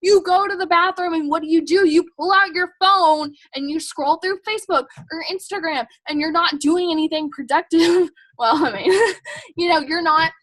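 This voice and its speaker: A young woman talks to her team in a casual, pushy pep-talk style, leaning on "like" and "um." Her voice sits high and bright. The recording is dry and close, with no room sound. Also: moderate pace, no echo. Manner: chatty, emphatic, says "like" and "um" a lot; blunt and pushy. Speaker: team leader at a sales kick-off meeting.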